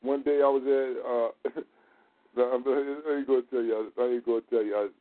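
A man's voice: medium pitch, fairly even intonation, normal speed. A man in casual storytelling chat, with a loose, profane, laughing manner. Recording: tinny phone-like audio.

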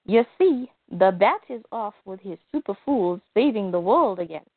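A woman's voice: mid-range voice, lively intonation, normal speed, no echo. A woman voicing a gleeful, taunting male clown villain in a mocking sing-song manner. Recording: tinny phone-like dry sound.

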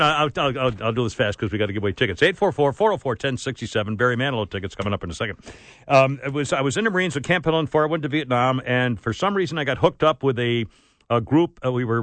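A man in his sixties hosting a radio talk show, telling rambling stories and giving away tickets with quick laughs. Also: mid-range voice, a bit bright, no room sound. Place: radio studio. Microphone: studio microphone.

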